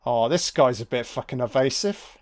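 Guy doing a film commentary, chatty, swears a lot, mid pitch. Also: moderate pace, darkish tone.

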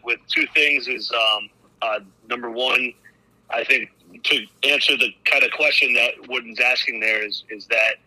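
A man's voice: mid-range voice, bright, forceful tone, poor audio. A man, a basketball coach, speaking as a podcast guest, hesitant and full of restarts, sounding thin as if over a radio. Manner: hesitant, full of fillers and restarts, laughs easily. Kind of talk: casual podcast interview.

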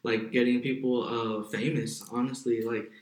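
A man's voice: mid-range voice, little pitch movement, normal speed. A young man as a podcast guest, chatting in a laid-back, slangy way full of "like" and "hella". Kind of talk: casual chat. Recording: roomy echoey room.

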